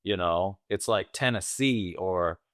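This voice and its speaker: A man co-hosting a movie podcast, sharing his reactions in an easygoing, measured way. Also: sits low, clear, resonant tone, dry recording, clean studio sound. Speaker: podcast co-host. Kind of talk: casual film discussion.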